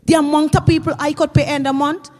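A woman's voice: high-pitched, little pitch movement, fast talker, darkish tone, close to an everyday voice. A woman voicing a bold, defiant hardworking man who brushes off a debt collector. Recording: reverberant hall.

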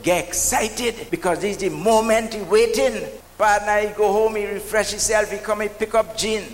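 A Trinidadian man spins a comic yarn on stage, tossing teasing asides to the crowd. His voice sits high for a man. It rings through a long, reverberant hall with a faint hum of ambience behind it. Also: moderate pace. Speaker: comedian. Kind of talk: stand-up storytelling.

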